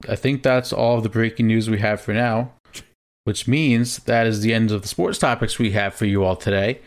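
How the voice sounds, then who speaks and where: Laid-back young man, lowish voice. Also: steady tone, moderate pace. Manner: laid-back, rambling with restarts. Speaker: podcast co-host. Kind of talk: casual chat.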